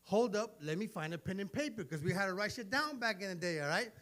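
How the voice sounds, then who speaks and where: Fast-talking bright-voiced comedian in his forties. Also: high-pitched. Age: 40s. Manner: animated, profane storytelling that acts out voices. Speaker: stand-up comedian. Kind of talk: stand-up comedy set. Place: live comedy venue.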